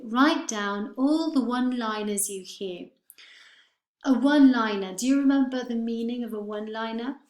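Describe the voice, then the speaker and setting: Slow, careful woman teacher. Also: medium pitch, a little mellow. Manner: careful, teacherly, repeats each word clearly. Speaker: English pronunciation teacher. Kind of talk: online lesson. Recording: roomy echo.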